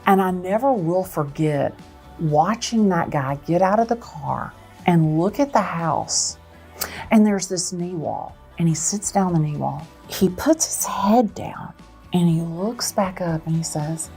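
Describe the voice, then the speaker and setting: Brief: expressive woman realtor, lowish voice, faint music behind. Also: measured pace, vocal fry. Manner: dramatic, expressive storyteller. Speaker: real estate agent. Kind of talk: animated storytelling.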